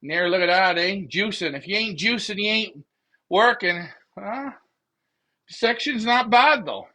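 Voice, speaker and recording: This pigeon racing show host has a high-pitched, sharp voice with lively intonation and a measured pace. In casual live-stream chat, he jokes and rambles to viewers while heading out to his backyard loft at night.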